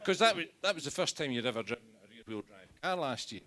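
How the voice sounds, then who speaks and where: A man's voice: medium pitch, big pitch swings, quick pace, a bit bright. Guy hosting a panel, bouncy voice, cracks jokes at guests. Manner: jokey, prompting questions. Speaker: forum host.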